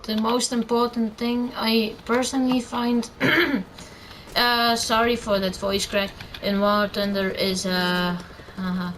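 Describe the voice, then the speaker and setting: A woman's voice: fairly high pitch, flat delivery, a little slow, few pauses, a bit bright, slight background noise, rough recording. A teenage girl rambling through casual gameplay commentary and tips, with lots of fillers and self-corrections. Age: teen, under eighteen. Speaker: gamer giving tips.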